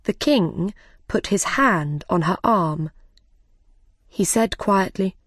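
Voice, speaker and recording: Learner-story narrator: woman, slow and clear, dry close mic. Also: medium pitch, lively intonation, no echo. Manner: clear, deliberate.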